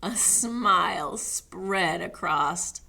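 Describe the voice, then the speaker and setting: A woman librarian reading a picture book aloud at a children's story time, slow and animated, asking the kids questions. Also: lowish voice, vocal fry, heavy background noise.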